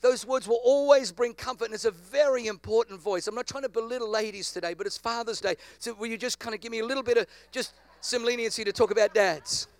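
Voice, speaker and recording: Male pastor, high gravelly voice, dry close sound, preaches with call-and-response. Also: fairly even intonation, fast talker, no echo. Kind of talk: sermon.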